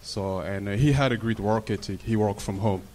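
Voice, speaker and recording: A male comedian from Congo answering a host's questions on stage in a soft, hesitant way, with frequent "uh"s. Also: lowish voice, fairly quick, noisy background. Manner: soft-spoken, hesitant, many "uh"s. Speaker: comedian being interviewed on stage.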